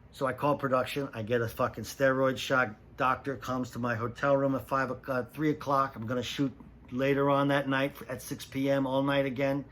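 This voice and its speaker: A man telling a backstage story with a salty, animated delivery, full of asides and swearing. His voice sits at a middling pitch. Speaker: actor. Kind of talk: anecdote told to an audience.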